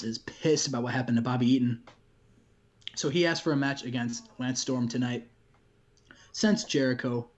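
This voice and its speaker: A man hosts a wrestling management game and talks through each result in a relaxed, chatty way. He repeats himself often while he sums up the matches. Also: medium pitch. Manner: recaps results, repeats phrases. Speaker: game host. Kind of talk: casual gameplay commentary.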